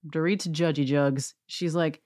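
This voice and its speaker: A woman's voice: low voice, unhurried, no echo, studio quality. Sarcastic woman ranting about reality TV. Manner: sarcastic, animated rant. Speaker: podcast host. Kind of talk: opinionated reality TV recap.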